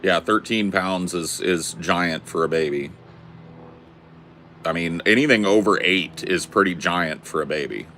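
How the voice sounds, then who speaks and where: A man in his forties with a very low, deep voice, chatting casually with viewers. He jokes around and rambles at an unhurried, relaxed pace. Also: slight background noise. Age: 40s. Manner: laid-back, joking, rambling. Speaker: streamer answering viewer questions. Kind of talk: casual chat.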